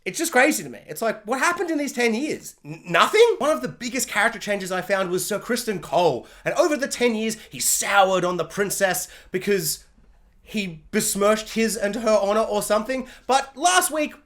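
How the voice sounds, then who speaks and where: Animated woman reviewer, lively pitch. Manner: animated, joking, acts out characters in quick voices. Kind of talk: casual spoiler review.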